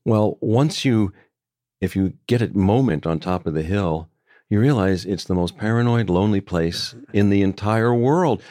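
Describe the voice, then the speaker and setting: An older man, a book author talking as a guest, speaking in a thoughtful, measured way with frequent restarts. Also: fairly low pitch, warm tone, no echo, clean studio sound. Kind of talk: reflective conversation.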